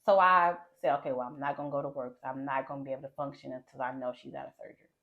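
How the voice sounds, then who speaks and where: A woman podcast host telling an animated personal story in casual chat. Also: rumbling low, racing. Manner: animated storyteller, lively quoted voices. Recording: slightly dull lo-fi sound.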